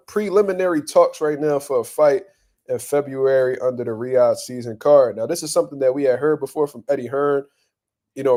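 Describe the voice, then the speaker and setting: A young man hosting boxing talk, ranting bluntly and profanely in a casual, animated way and laughing often. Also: medium pitch. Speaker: boxing commentary host.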